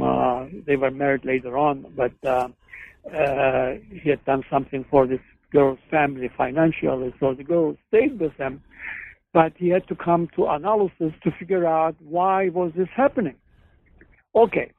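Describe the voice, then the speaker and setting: A man's voice: on the high side, dry recording. Man on a tinny phone line. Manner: discursive storytelling, frequent hesitations and self-corrections. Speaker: guest, psychoanalyst and author. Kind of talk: conversational interview.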